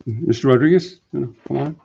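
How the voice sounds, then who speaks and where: A man chairing a city council meeting, briskly calling on speakers. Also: medium pitch, vocal fry, mellow, a little hiss or hum. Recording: muffled meeting recording.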